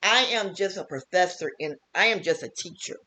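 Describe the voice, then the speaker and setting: A woman's voice: on the low side, brisk, bright, forceful tone. A woman, a health vlogger and teacher, talking earnestly and repetitively in a casual home wellness vlog from her kitchen.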